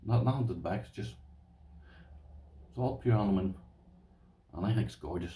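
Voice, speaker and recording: This man's warm voice sits on the low side and moves a little fast; the distant mic catches a roomy sound plus a little hiss or hum. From Ireland, he rambles through a casual show-and-tell of his locks to camera, calling viewers "boys" and leaning on "this here."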